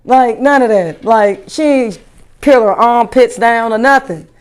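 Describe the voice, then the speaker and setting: Woman, comedian, crude stand-up rant, incredulous, fairly high voice. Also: measured pace. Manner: animated, incredulous, crude and profane.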